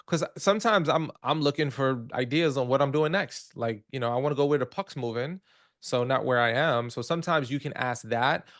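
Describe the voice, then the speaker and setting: A man's voice: mid-range voice, fairly quick, fairly bright tone. A man hosting a webinar Q&A, explaining features in a casual, conversational way and walking through the steps one by one. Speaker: host of a product Q&A webinar.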